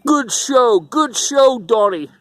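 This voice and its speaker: A man's voice: extremely high pitch, lively intonation, a bit bright, no echo, pitched above the performer's own voice, exaggerated voice. A man doing an Italian-American mobster. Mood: fawning. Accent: Italian-American mob impression. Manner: drawn-out, cheek-pinching greeting. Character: Italian mafia man praising a child star.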